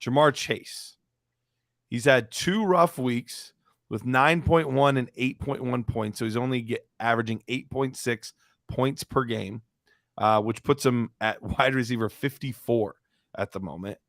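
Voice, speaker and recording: A man's voice: medium pitch, unhurried, a bit bright, dry recording, clean studio sound. A man hosting a podcast, chatting casually and loosely, fumbling through his notes as he tosses questions to a guest. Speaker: podcast host. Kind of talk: casual sports chat.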